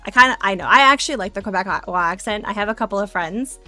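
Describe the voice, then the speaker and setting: A woman's voice: medium pitch, quick pace, bright, forceful tone, soft background music. A woman streamer chatting casually and playfully, rambling with sarcastic asides, at a home desk microphone. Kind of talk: casual live-stream chat.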